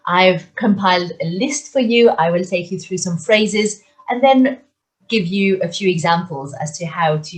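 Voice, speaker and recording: A woman teaching French phrases in a video lesson, speaking clearly and deliberately and repeating each phrase slowly for pronunciation. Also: medium pitch.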